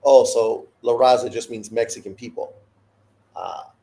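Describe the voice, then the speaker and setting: Blunt, profane boxing host. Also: male voice, mid-range voice, steady tone, measured pace, vocal fry, mellow. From Canada. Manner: blunt, profane, opinionated rants. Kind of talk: live watch-along commentary.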